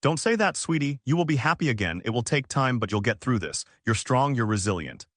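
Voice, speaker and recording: A man voicing a tired, gentle middle-aged father who speaks softly and carefully. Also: mid-range voice, big pitch swings, a little fast, no room sound, clean studio sound. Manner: soft and careful.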